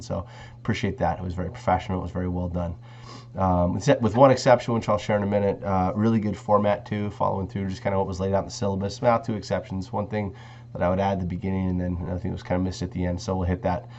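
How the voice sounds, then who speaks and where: Guy teaching w a cold, stuffy and coughy, rambles and restarts, kinda muffled lo-fi audio. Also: on the low side. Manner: loose and conversational, restarts phrases. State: sick, coughing and congested. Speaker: instructor. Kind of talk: casual spoken feedback to students.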